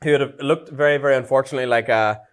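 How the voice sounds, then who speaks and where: A man's voice: medium pitch, steady tone, rapid-fire. A young man, chatting casually as a podcast co-host, with dry remarks and easygoing agreement. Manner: laid-back, dry remarks, says "aye" a lot. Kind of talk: casual chat.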